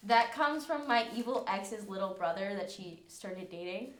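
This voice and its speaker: A young woman co-hosting a podcast, telling stories in quick, slangy casual chat and often breaking into giggles. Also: mid-range voice, lively intonation, fairly bright tone. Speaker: podcast co-host. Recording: echoey room.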